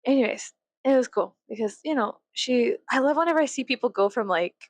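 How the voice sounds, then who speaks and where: A woman ranting casually to camera, swearing freely, giggling often and rambling from thought to thought. Her fairly high voice swings widely in pitch, and the recording is dry and close with no room echo. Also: lively intonation, brisk. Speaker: vlogger. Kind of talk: casual vlog rant.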